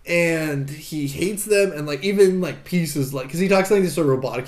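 Guy excitedly retelling a movie plot, bit high voice, echoey room. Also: normal speed, hardly any pauses. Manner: animated retelling, acts out character lines. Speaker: podcast co-host recapping a film. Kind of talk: casual chat.

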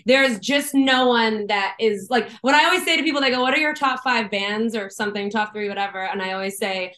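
A young woman from Boston, a guest musician chatting casually on a podcast, animated and quick to laugh. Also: on the high side. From Boston, USA. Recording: roomy echo.

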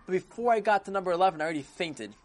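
A storyteller narrates a children's story in a casual, animated way, often restarting phrases. The pitch moves lively throughout, keeping young listeners engaged. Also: racing.

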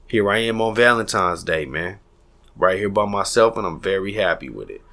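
A man's voice: lowish voice, lively intonation, normal speed, pushed and bright. A man hosting a solo podcast, rambling and profane, hyping himself up between stalls and tangents. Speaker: podcast host.

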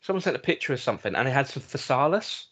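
A man, co-hosting a casual podcast and telling a rambling story with halting restarts. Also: medium pitch, very animated, a bit bright. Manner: rambling, halting anecdote with laughs. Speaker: podcast co-host. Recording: dull lo-fi recording.

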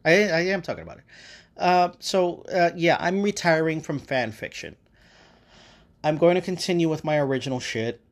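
A man's voice: fairly high pitch, lively intonation, moderate pace. A man hosting a podcast, talking in a casual rambling monologue with lots of fillers, restarts and swearing. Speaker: podcast host.

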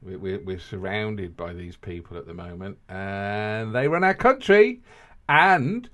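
A man's voice: fairly low pitch, expressive, measured pace, fairly bright tone. A man hosting a podcast, rambling and jokey in casual banter, laughing often. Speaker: podcast host.

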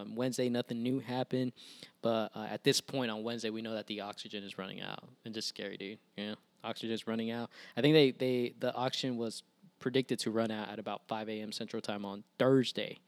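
A young man hosting a casual podcast, recapping the week's news in a lively, chatty way with quick laughs. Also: medium pitch, no echo. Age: young adult. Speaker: podcast host. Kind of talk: casual chat.

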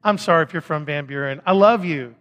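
A man preaches, reading scripture aloud and then breaking off into playful asides. His voice sits high for a man. The sound carries a long reverb, as from a large hall. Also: brisk. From Fort Smith, Arkansas. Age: 30s. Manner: animated, joking asides, acts out voices. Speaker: pastor. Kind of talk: sermon, reading and explaining scripture.

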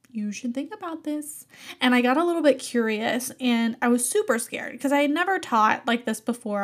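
A young woman, an art teacher, telling a personal story in an expressive, animated way and laughing often. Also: high-pitched.

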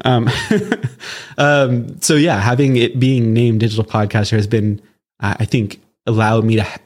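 A man's voice: mid-range voice, darkish tone. Casual rambling man hosting a podcast. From Southern California. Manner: casual, rambling, many fillers and restarts. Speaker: podcast host. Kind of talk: solo podcast reflection.

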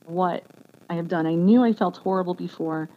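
A woman giving an earnest, emotional personal testimony as an interview guest, speaking haltingly with many restarts. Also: on the low side. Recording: dull lo-fi sound with faint background noise.

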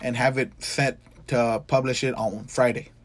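A young man hosts a casual podcast, rambling through stories in a medium-pitched, level voice at a moderate pace. He swears freely and acts out what people said.

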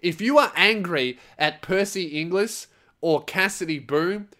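A young man with a slightly high voice talks straight to his listeners in a loose, rambling podcast monologue. He swears constantly and jumps between anecdotes and advice with animated comic energy. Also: a little slow. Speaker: podcast host, comedian. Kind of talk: casual solo podcast monologue.

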